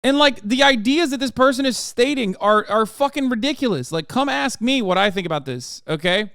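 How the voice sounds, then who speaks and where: An exasperated man rants on a livestream, cursing and stressing each point with a demanding "okay?". His voice sits high and comes through smooth and clear. The sound is close and dry, with no room around it. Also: expressive, fairly quick, fairly bright tone, no echo. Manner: exasperated, profane, emphatic, repeats "okay?". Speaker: streamer reacting to posts. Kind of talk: casual livestream rant.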